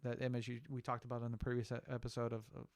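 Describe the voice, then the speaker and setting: A man's voice: mid-range voice, completely flat delivery, racing, darkish tone, no room sound, clean studio sound. A man co-hosting a casual podcast and talking as a father, rambling and often restarting his sentences. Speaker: podcast co-host; father of a young daughter.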